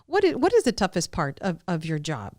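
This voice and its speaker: A woman's voice: lowish voice, wildly swooping pitch, brisk, a little mellow, studio quality. A woman hosting a podcast, asking friendly questions and echoing her guest's answers. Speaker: podcast host. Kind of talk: casual interview talk. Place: podcast studio.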